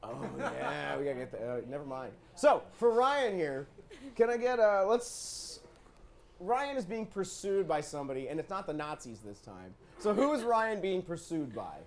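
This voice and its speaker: A man's voice: fairly high pitch, moderate pace, gravelly. A man hosting a live improv comedy show, joking and laughing as he sets up the games. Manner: joking, animated, laughing often.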